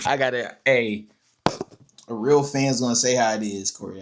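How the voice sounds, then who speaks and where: A man's voice: medium pitch, measured pace, noisy background. A man streaming a casual reaction to video clips, blunt, profane and joking.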